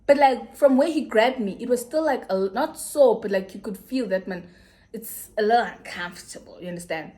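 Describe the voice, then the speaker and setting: On her vlog, a twenty-something South African woman recounts something that happened to her, speaking at a normal speed with a dark tone. When the story gets serious her voice drops to a low murmur, and she voices both people in every exchange.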